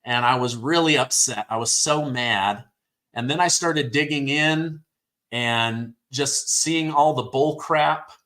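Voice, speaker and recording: On a live election-night stream, a man reads headlines aloud and reacts with excitement, his throat sore from hours of talking. He speaks slowly at a medium pitch.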